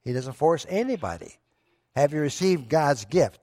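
A man's voice: fairly high pitch, very animated, normal speed, a little mellow, no room sound, clean studio sound. A pastor preaching a sermon to his church, telling a story in a conversational way that rises to emphatic moments.

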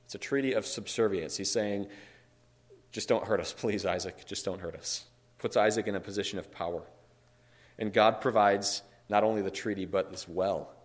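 A man leading a Bible study in a conversational teaching style, reading scripture aloud and explaining it with emphatic asides. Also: lowish voice.

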